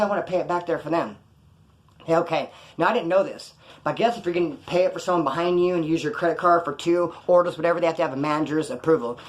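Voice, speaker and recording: A man vlogging in a casual, rambling storytelling style, swearing freely as he recounts his prison life. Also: a little high. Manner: profane, rambling, animated storytelling.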